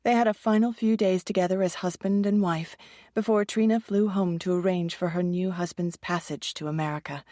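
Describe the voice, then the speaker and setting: A woman narrating an audiobook thriller with steady, even storytelling. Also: fairly low pitch, a little fast, no room sound, clean studio sound. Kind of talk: scripted narration.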